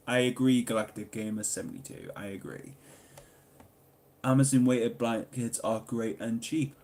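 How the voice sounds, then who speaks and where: A mid-range male voice at a moderate pace belongs to a young YouTuber from Newcastle upon Tyne, England, who speaks with a Geordie accent. Hosting a casual livestream Q&A, he reads the chat aloud, jokes freely, and breaks into loud, excited cries.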